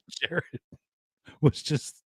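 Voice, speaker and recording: A man's voice: extremely slow, no echo. A man co-hosting a casual podcast stream, teasing and laughing as he talks. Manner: giggly, teasing. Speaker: podcast co-host. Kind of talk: casual live-stream chat.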